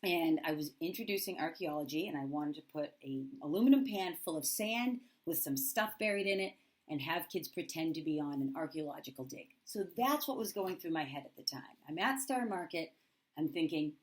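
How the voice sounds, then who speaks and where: A woman's voice: low-pitched, animated, brisk. A teacher speaking straight to camera, telling a personal story with candid feeling and acting out remembered dialogue in her own voice. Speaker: middle school teacher.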